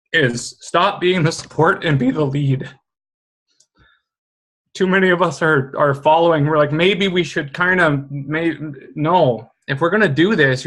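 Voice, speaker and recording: A man's voice: a little high, a bit bright. A man on a team video call, speaking earnestly in a motivational pep-talk manner.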